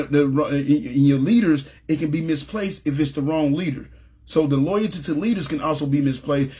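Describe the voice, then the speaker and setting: A man's voice: on the high side, a little mellow, breathy edge. A man teaching a casual Bible lesson to a ministry group, talking conversationally and often checking in with his listeners. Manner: conversational, often asks "you know what I'm saying".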